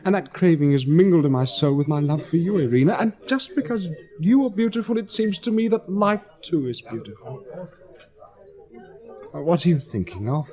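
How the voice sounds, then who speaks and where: A man's voice: on the high side, animated, moderate pace, warm tone, lightly acted. An actor playing an ardent, lovestruck young baron in his late twenties who speaks tenderly, in a 1960s recorded stage drama. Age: 20s.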